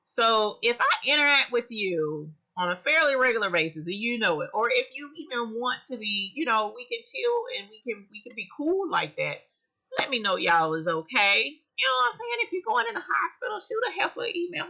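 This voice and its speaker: Bright-voiced woman hosting a live chat. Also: on the high side, brisk. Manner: expressive, chatty, greets viewers by name. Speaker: livestream host of an embroidery channel. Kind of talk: casual live chat with viewers.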